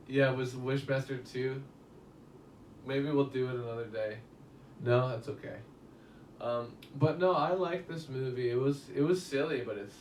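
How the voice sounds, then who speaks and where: A chatty, rambling man reviews a movie on a live stream, talking straight to his viewers and swearing now and then. His voice sits at an ordinary middle pitch. It sounds roomy and somewhat distant from the mic, with a faint hum of ambience behind it. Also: darkish tone. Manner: rambling and chatty, swears casually, addresses chat directly.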